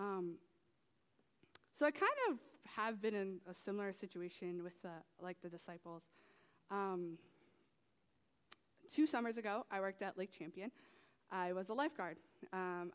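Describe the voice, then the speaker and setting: A young woman with a fairly high voice tells a story to a youth group in a lively, chatty way, full of fillers and asides. Her voice rings out with a long reverb, as in a large hall. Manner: animated storytelling with many fillers. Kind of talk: testimony talk to youth.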